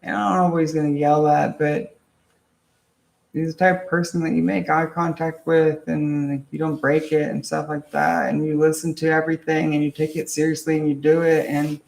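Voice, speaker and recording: A young man telling a personal story in a casual, halting way, with many restarts, fillers and frequent swearing. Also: a little high, little pitch movement, vocal fry, a little mellow, roomy sound. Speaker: vlogger.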